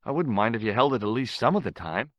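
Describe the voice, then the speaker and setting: A man's voice: medium pitch, animated, fast, lo-fi sound, close to an everyday voice. A man voicing a wry detective hero in a game, narrating and talking with dry sarcasm.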